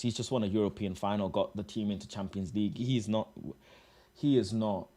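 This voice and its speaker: A man hosting a fan reaction show, chatting casually and excitably, repeating himself. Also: fairly low pitch, normal speed. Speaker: host of a fan reaction channel.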